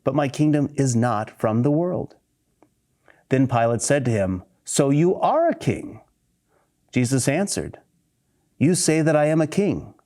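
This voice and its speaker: Earnest male preacher with a mellow voice. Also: medium pitch, expressive, measured pace. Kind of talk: sermon with scripture reading.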